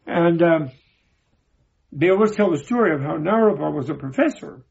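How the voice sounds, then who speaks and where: A man giving an informal Buddhist teaching, telling stories in a halting way, often repeating and restarting his words. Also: fairly high pitch, lively intonation, vocal fry, a little mellow, husky, lo-fi sound. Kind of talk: informal spoken teaching with storytelling.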